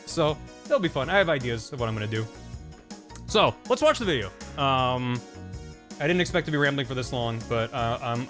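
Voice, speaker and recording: Young male streamer, slightly high voice, rambly and stammering, light music bed. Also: fairly bright tone. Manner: rambling, with frequent stammered restarts. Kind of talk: casual live-stream chat.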